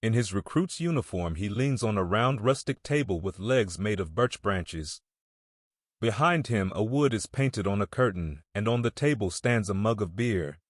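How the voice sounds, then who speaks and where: A man narrating an audiobook in a measured, somber first-person reading. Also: fairly low pitch, lively intonation, no room sound, studio quality. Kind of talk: scripted narration.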